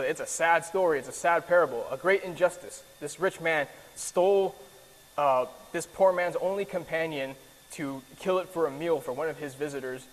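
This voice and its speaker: Higher-voiced man preaching in a reverberant hall. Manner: casual and earnest, many fillers and restarts. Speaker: preacher teaching a Bible lesson. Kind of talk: conversational sermon with slides.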